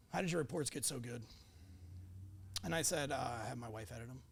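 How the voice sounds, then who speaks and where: A former police officer in his forties, appearing as a podcast guest, tells casual anecdotes in a brisk, gravelly mid-range voice. He acts out quoted dialogue and swears freely in this laid-back storytelling chat. A little hiss or hum sits under the audio.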